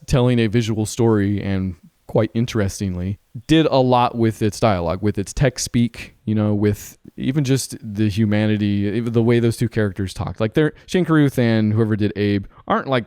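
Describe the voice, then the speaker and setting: With a mellow, clear, resonant voice on the low side, this man speaks at normal speed while co-hosting a casual podcast about a film. His take is chatty and analytical, with lots of asides and plenty of "like" and "right?". The studio-quality audio is dry.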